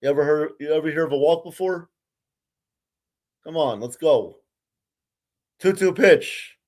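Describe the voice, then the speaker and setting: Frustrated fan calling a baseball game. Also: male voice, a little high, normal speed, dark tone. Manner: frustrated, ranting fan commentary, curses. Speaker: fan play-by-play streamer. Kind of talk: amateur live play-by-play commentary.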